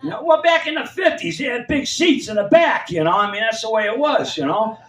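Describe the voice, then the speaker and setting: A man's voice: extremely high pitch, lively intonation, brisk, a bit bright. A man in his seventies telling rambling stand-up anecdotes on a comedy club stage and acting out the voices of people in his stories. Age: 70s. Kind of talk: stand-up storytelling. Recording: roomy club sound from far off.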